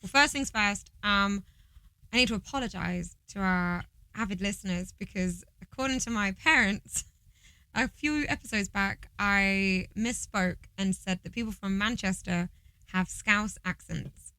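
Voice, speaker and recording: A woman's voice: medium pitch, a little slow, sharp tone, smooth, no echo, rough recording. Woman cohosting a podcast, playful, laughs a lot, medium voice, dry close mic. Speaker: podcast co-host. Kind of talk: casual chat.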